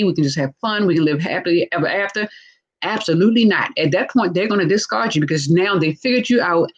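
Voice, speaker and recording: Husky-voiced woman hosting a lively talk. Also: lowish voice, dull audio. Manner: animated, acts out quoted speech, frequent "right?". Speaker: host discussing narcissistic relationships. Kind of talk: live casual teaching talk.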